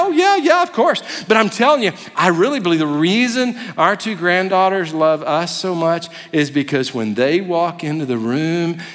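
A man in his fifties preaching a sermon as a pastor, animated and humorous, acting out quotes. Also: fairly high pitch. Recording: long hall reverb.

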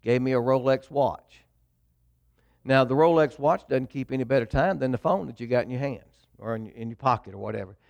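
A man's voice: mid-range voice, brisk, creaky, no room sound. A middle-aged man, a pastor telling his own story in a folksy way to his congregation. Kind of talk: sermon testimony.

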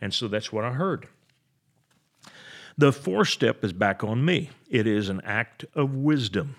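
A man teaching the Bible on his podcast in a preaching style, slowing down to stress key words. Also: medium pitch, expressive. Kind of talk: preaching sermon.

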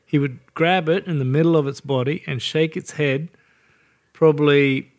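A man's voice: on the high side, steady tone, moderate pace. An Australian man co-hosting a casual podcast, talking bluntly and swearing freely. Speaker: podcast co-host. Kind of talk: casual chat.

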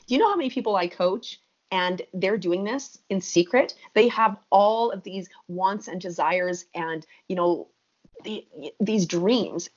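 Energetic woman podcast guest. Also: medium pitch, highs cut off. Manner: energetic, emphatic, many fillers. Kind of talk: podcast interview.

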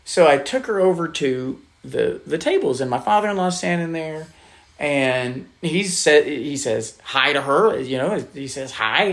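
A middle-aged pastor with a fairly high, creaky voice tells a story casually in conversation. He acts out the quoted voices with animation and laughs often.

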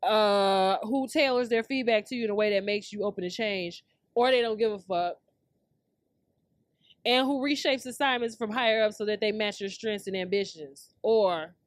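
A woman hosting her own podcast in brash, profane casual commentary, dropping to low mutters and then breaking into loud, high outbursts. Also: normal speed, no room sound, studio quality. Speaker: podcast host.

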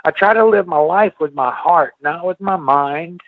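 A man's voice: on the high side, moderate pace, no room sound, narrow, tinny audio. Older man telling rambling stories by phone. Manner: rambling, animated, full of sound effects. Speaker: guest, former wrestler. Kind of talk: casual storytelling.

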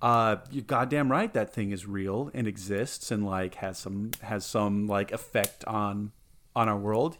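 A man's voice: on the low side, fairly even intonation, unhurried, a bit bright, a little hiss or hum. A man co-hosting a podcast in casual chat, rambling, thinking aloud through restarts. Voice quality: rambling, many filler likes and restarts. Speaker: podcast co-host.

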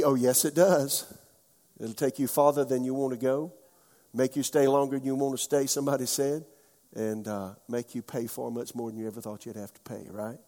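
Gravelly pastor in reverb. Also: male voice, mid-range voice, normal speed, a little mellow. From South Carolina, USA. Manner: folksy storytelling, asks the congregation questions. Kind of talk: sermon.

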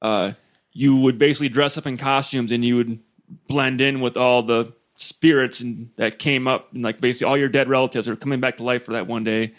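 A male podcast host chatting casually at a middle pitch. He rambles with a lot of profanity and laughs often as he talks. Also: fairly even intonation, a little fast. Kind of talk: casual chat.

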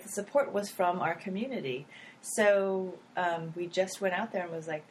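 A woman's voice: mid-range voice, a little hiss or hum, poor audio. Woman app founder chatting in an interview, voice jumps all over, laughs a lot, lots of um and like. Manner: animated, laughing, many fillers and quoted asides. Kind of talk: casual interview chat.

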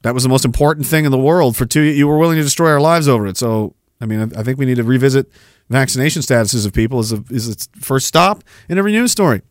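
A man's voice: medium pitch, fast, no echo, studio quality. A man hosting a podcast, ranting in a sarcastic, mocking way and laughing at his own jokes. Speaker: podcast host. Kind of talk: casual ranting commentary.

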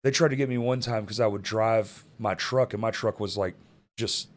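A man's voice: on the low side, normal speed. A man, hosting a casual podcast chat in a laid-back, slangy way that is full of swearing. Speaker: podcast host.

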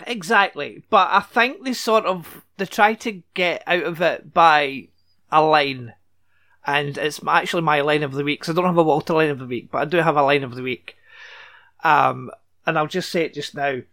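A man's voice: fairly high pitch, moderate pace, pushed and bright, dry recording. Sarcastic chatty man, dry close sound. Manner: chatty, sarcastic asides, swears casually. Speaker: podcast host recapping a TV episode. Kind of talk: casual chat.

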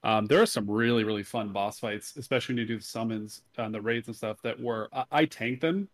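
A man's voice: fairly low pitch, brisk. A man co-hosting a podcast, explaining a game at length in a methodical, enthusiastic way. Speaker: podcast co-host. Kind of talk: casual podcast chat about games.

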